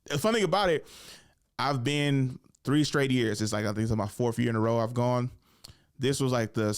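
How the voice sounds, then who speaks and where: Young comedian host, loose and animated, laughs through his own jokes, mid-pitched man. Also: clear, resonant tone. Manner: animated storytelling, acts out voices, laughs often. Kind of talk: casual solo monologue.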